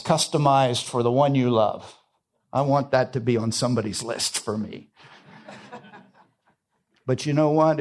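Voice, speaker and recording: A man preaching a sermon, emphatic, repeating key phrases and swinging between quiet and loud passages. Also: mid-range voice. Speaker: pastor.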